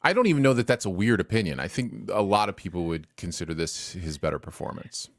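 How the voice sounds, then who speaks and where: A podcast co-host with a low man's voice that swings widely in pitch as he enthuses. The recording is close and dry, with no room sound. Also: animated, fast, no room sound. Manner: enthusiastic, playful, encouraging. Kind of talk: casual movie review chat.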